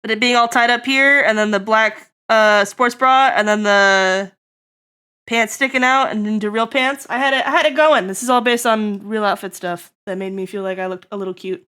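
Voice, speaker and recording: A woman streamer in casual live-stream chat, rambling and breaking into loud laughter, her throat getting tickly. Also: medium pitch, moderate pace, clean tone.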